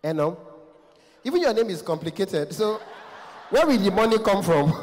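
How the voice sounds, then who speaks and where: A man in his thirties with a Nigerian accent doing loud, teasing stand-up crowd work on a big concert stage. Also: high-pitched, moderate pace, long pauses. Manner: loud, animated, teasing, laughs often. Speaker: stand-up comedian. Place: large concert hall stage. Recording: echoey hall, live stage.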